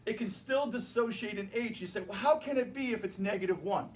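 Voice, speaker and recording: A man's voice: high voice, brisk, a little hiss or hum. A man teaching a chemistry class, explaining and joking with his students as he goes. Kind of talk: classroom lecture.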